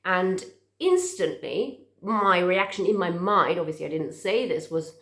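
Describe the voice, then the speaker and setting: A woman's voice: lowish voice, animated, measured pace, fairly bright tone. A woman, a therapist talking earnestly to camera in a heartfelt way, often repeating words as she searches for them. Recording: echoey room.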